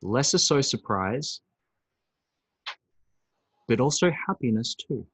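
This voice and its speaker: A man presenting a recorded webinar on emotions, animated and acting out angry outbursts. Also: medium pitch, slow, breathy edge, dry recording, rough recording. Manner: animated, acts out angry voices.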